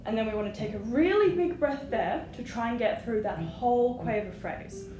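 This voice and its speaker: A woman's voice: a little high, expressive, moderate pace, music in the background. A woman teaching flute, patient and encouraging, singing rhythms aloud as she explains. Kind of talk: music lesson. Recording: echoey room with audible noise.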